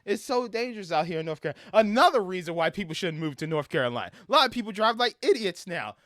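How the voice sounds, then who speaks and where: A man in his thirties from Brooklyn, telling stories in a casual, animated rant with lots of laughter and swearing over gameplay. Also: sits high, fast, dry recording, studio quality. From Brooklyn, New York. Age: 30s. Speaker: gaming streamer.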